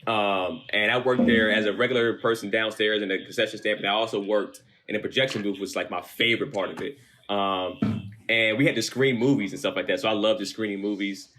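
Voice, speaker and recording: A man's voice: lowish voice, fairly even intonation, brisk, fairly bright tone. A young man on a podcast telling casual, blunt work stories in a laid-back way, swearing freely. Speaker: podcast co-host. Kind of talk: casual storytelling chat.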